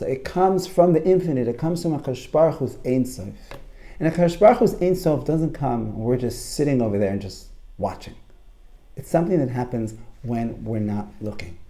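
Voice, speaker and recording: A man and career coach giving a Torah talk to a live audience, telling a story with lots of repeats and restarts. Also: mid-range voice. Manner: animated storyteller, repeats phrases, many restarts.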